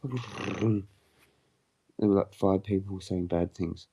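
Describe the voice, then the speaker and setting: A young man rambling through a casual livestream, crude and full of slang and laughter. His voice is low, dark and husky, with a gravelly edge. He drags his words out slowly. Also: steady tone.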